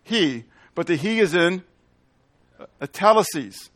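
A man teaching a Bible study as pastor, emphatic, asking the room questions and answering them himself, stretching out scripture quotes slowly and loudly. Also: high-pitched, animated. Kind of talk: sermon with Bible reading.

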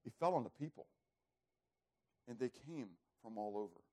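A man preaching a sermon, throwing rhetorical questions to the congregation and swinging from loud emphasis to hushed, low passages. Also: animated, moderate pace. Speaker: pastor.

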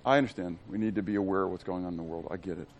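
A man preaching a sermon in a casual style, asking the congregation rhetorical questions and swinging from hushed to loud and excited. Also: low-pitched, very fast, slight background noise. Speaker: pastor.

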